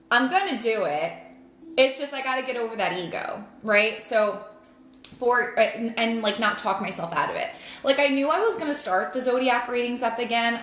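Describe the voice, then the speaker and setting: A woman's voice: on the high side, fairly bright tone. Chatty New Jersey woman in an echoey room. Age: 30s. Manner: chatty, blunt, laughs often, lots of "like". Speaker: tarot reader. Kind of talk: live tarot reading to viewers.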